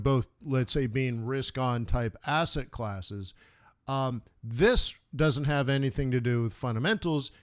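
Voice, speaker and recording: This is a forex trading stream host from the United States, a man who chats casually on his live stream and wanders through anecdotes, often laughing at them himself. His voice sits in the mid range, captured in a dry, studio-quality recording.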